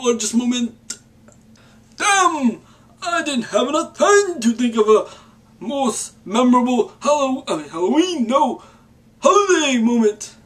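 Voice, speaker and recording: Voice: high-pitched, big pitch swings, unhurried. A vlogger chatting casually while putting on a mock vampire voice that keeps slipping into an old-man voice, joking at their own expense. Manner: jokey and self-mocking. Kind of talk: casual video blog.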